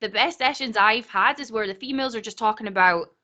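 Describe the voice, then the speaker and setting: A woman's voice: on the high side, fast, sharp tone. A Scottish woman speaking on a video call in a casual panel chat, earnest and chatty, laughing often. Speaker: conference speaker.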